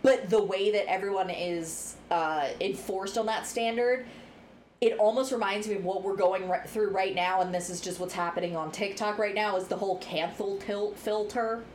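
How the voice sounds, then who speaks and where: A woman's voice: medium pitch, fairly even intonation, normal speed, a little mellow. A young adult woman co-hosting a podcast, chatting casually and frankly, rambling through her points and swearing now and then. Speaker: podcast co-host. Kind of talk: casual chat. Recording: faint background noise.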